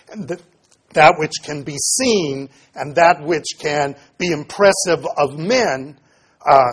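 Husky man preaching a sermon. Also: fairly high pitch. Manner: reads scripture aloud, then explains it with pauses and fillers. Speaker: pastor. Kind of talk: expository sermon.

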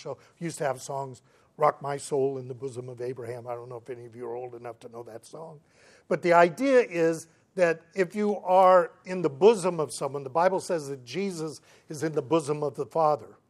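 A male pastor preaching with animation, his voice a touch higher than most men's. He keeps checking in with the congregation as he goes and breaks into lively voices for the people in the story. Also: brisk. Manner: checks in with the listeners, asking "right?" again and again. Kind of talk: sermon.

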